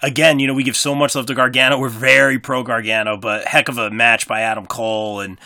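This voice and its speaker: A relaxed man co-hosts a wrestling watch-along, laughing along and rambling with plenty of likes and you knows. His mid-pitched voice is very bright and forceful, recorded dry and close. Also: fast, no room sound. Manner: laid-back, laughing often, lots of likes and you knows. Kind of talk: casual watch-along chat.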